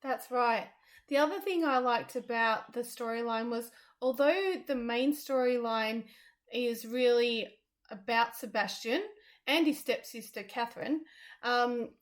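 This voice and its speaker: A woman, a theatre reviewer, giving her views in a casual chat, thoughtful and hesitant with frequent ums. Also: on the high side.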